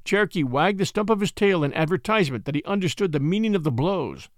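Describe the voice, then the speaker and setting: A man narrating an adventure story aloud in an expressive, dramatic reading. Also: sits high, fast, no echo, clean studio sound. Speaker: audiobook narrator.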